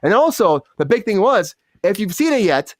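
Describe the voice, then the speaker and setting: A high-voiced man hosts a relaxed entertainment news chat. He talks conversationally, often repeating his openings before asking the others what they think. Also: moderate pace, no room sound, clean studio sound. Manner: conversational, asks questions, repeats himself. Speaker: host. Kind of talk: casual chat.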